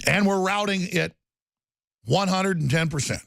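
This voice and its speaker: A man hosting a political talk show, delivering an angry rant with shouting and repeated lists. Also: high voice, moderate pace, gravelly, no echo. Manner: ranting, often shouting, repetitive lists.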